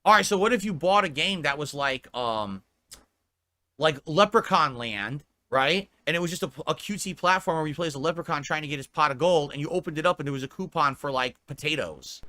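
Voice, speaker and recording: A man's voice: fairly high pitch, lively intonation, fairly quick, bright, forceful tone. A man ranting on a live stream, reading chat comments aloud and answering them in a profane, exasperated way. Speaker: livestreamer.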